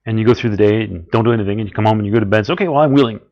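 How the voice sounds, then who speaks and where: A man's voice: lowish voice, flat delivery, very fast, creaky, lo-fi sound. A man giving an earnest, encouraging spiritual talk, often acting out what people say. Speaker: spiritual teacher.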